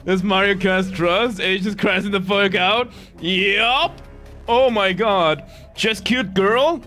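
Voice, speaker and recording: A man streaming a game, reading its story aloud with animated, joking remarks. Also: sits high, slow pace, faint music behind. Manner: animated, joking, exclaims often.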